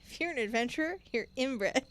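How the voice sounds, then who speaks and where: A woman chatting through a fantasy game with a friend, giggly and quick to laugh at herself. Her voice sits high and bright. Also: lively intonation, a little hiss or hum. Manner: giggly, self-mocking. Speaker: game streamer. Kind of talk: casual let's-play chat.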